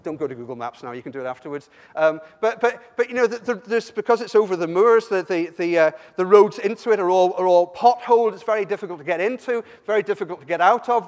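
A man from Somerset preaching a sermon, animated and emphatic, often stumbling and restarting his words. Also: high voice. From Somerset, England. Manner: animated, rising to emphatic peaks, frequent stammered restarts. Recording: long hall reverb.

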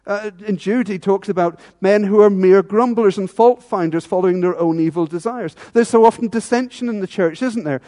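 High-voiced male preacher in a reverberant church. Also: moderate pace, few pauses. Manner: earnest, with rhetorical tag questions, dropping to hushed tones. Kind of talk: sermon.

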